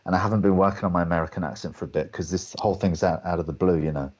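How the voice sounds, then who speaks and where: An English man, a guest actor, telling lively anecdotes on a video call and acting out the other people in his stories. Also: low voice, rapid-fire, muffled recording. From England. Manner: animated anecdotes, acts out other people's lines. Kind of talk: storytelling in a webcast Q&A.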